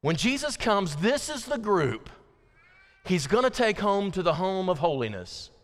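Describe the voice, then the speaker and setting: A man's voice: sits high, sing-song, measured pace, a bit bright, big-room sound. A man preaching a sermon to his congregation, urgent and emphatic, repeating phrases and speaking straight to the listeners. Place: church sanctuary.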